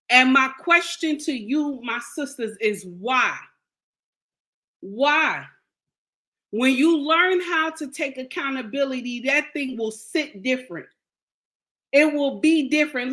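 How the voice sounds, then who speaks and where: A woman with a high, bright, forceful voice delivers a relationship advice monologue straight to camera. She talks in an unhurried way, blunt and preachy, hammering her points home by repeating them, with slangy scolding. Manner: emphatic, preachy, repeats lines for emphasis.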